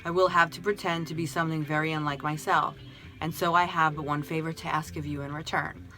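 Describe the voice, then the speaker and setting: A woman voicing a kind, gentle friendly soul who speaks with calm, tender reassurance in a storybook reading. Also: sits low, brisk.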